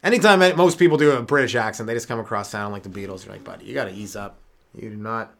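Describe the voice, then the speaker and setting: Talking very fast in a mid-range voice, this sleep-deprived Canadian comedian runs his podcast alone. The delivery is loose and rambling, heavy on swearing, and he cracks himself up at his own jokes.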